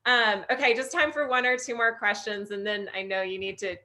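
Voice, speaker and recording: Bright-voiced woman host asking questions. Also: medium pitch, steady tone, a little fast. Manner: friendly, reads out audience questions with fillers. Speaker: host of a book club interview. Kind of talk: casual interview hosting.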